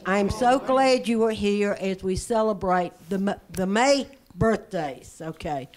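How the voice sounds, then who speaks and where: A woman's voice: medium pitch, a little slow, darkish tone. A woman hosting a community birthday party, speaking in an upbeat, chatty way. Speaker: event host.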